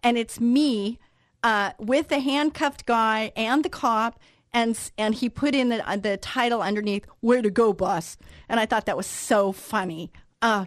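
A female radio host relates a story in a bright, casual manner, performing the reactions of the people she quotes, before shifting into a devotional message. Her pitch is fairly high, and the studio-quality recording has no audible room sound.

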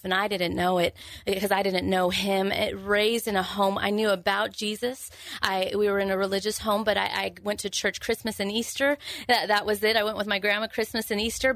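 A woman, giving an earnest, halting personal testimony in an interview, with frequent restarts. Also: mid-range voice, gravelly, a bit bright, no room sound. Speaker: guest sharing her testimony.

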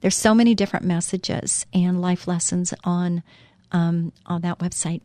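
A woman's voice: on the low side, steady tone, moderate pace, dark tone, dry recording. A middle-aged woman hosting a faith-based talk show, speaking in an earnest, heartfelt, rambling way. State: emotional at moments. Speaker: show host.

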